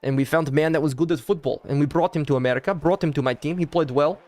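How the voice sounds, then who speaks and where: A man's voice: a little high, fast, darkish tone, dry recording, lightly acted. A man voicing a boastful Balkan man telling a tall tale in a put-on accent with broken grammar. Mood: joking. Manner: broken grammar, jokey storytelling.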